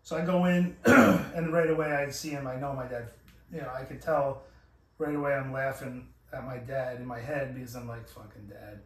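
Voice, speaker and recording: A man's voice: mid-range voice, fairly even intonation, moderate pace, reverberant, recorded from a distance. A man telling a long story in casual, profane chat, with many restarts and acted-out quotes. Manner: profane, rambling, full of restarts and quoted voices. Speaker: podcast host.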